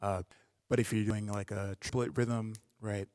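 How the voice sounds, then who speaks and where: A rapper hosting a live stream, casually answering viewer questions and explaining rap technique with many "like" fillers. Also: male voice, little pitch movement, measured pace, a little mellow, no echo, clean studio sound, in a large hall. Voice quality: gravelly low voice. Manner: loose, conversational, many "like" fillers.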